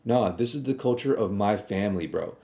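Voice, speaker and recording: A man's voice: on the low side, fairly quick, warm tone. A man streaming a reaction video, arguing bluntly in a casual, rambling way with frequent restarts.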